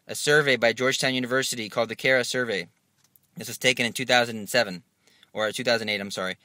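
A man's voice: medium pitch, steady tone, fast, bright, forceful tone, dry recording. A man preaching an informal sermon, urging his listeners with urgent exhortation and little acted-out dialogues. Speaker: Catholic preacher.

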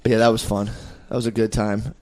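A man's voice: lowish voice, flat delivery, quick pace, a little mellow. A young adult male stand-up comedian in casual podcast chat, telling stories in a rambling, profane way, full of filler words.

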